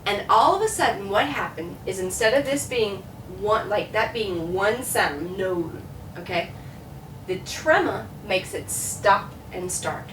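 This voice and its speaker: A woman's voice: medium pitch, expressive, unhurried, fairly bright tone, slight background noise. Woman, French teacher, chatty classroom lecture, mic placed well back in a roomy space. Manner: chatty, repeats words to model pronunciation. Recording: echoey room from a distance.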